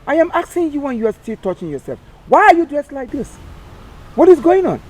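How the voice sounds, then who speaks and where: A man's voice: very high voice, big pitch swings, normal speed, exaggerated voice. A man with a Nigerian accent playing a pompous, bossy self-styled British captain who scolds and barks commands in a comedy skit. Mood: scolding. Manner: barking commands, scolding, stammering.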